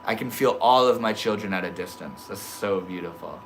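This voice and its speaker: A young man hosting a casual livestream from home, reading chat comments aloud and reacting with easygoing slang and swearing, dropping from soft murmurs to sudden loud excited outbursts. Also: low-pitched, brisk, creaky, slight background noise. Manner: swears casually, laid-back stoner slang.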